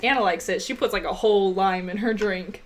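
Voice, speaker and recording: A young woman co-hosting a podcast, telling a personal story in a casual, animated way, laughing often. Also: brisk. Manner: animated, laughing, gets high and loud when retelling upset moments. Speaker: podcast co-host.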